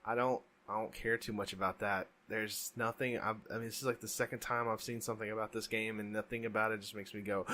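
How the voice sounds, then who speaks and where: A man's voice: fairly low pitch, steady tone, fairly quick, pushed and bright. A man co-hosting a podcast in casual chat, talking emphatically and ranting with strong opinions. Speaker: podcast co-host.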